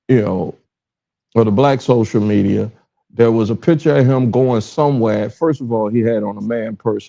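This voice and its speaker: A middle-aged man from Richmond, Virginia, with a Southern accent, hosts a solo podcast livestream, rambling casually and interrupting himself while fumbling with his stream setup. His voice is medium-pitched and warm with vocal fry. The livestream is recorded via phone, and the audio is slightly dull and lo-fi.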